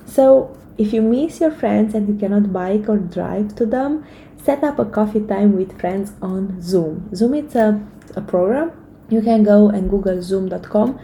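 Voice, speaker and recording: A woman's voice: medium pitch, mellow, slight background noise, poor audio. A woman in her thirties giving an earnest, encouraging motivational talk to camera, with frequent fillers and restarts. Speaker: vlogger giving life advice.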